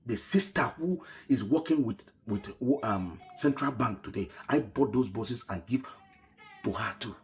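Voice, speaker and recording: A middle-aged man telling his own story in an earnest, emotional way, often dropping to a hushed voice. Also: lowish voice, animated, measured pace, a little hiss or hum. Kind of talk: personal story told to camera.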